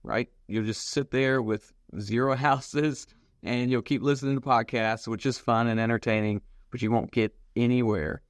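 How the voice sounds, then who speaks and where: A man's voice: medium pitch, steady tone, normal speed, no echo. Enthusiastic male podcast host, dry mic. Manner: enthusiastic, encouraging, emphatic. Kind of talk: casual interview talk.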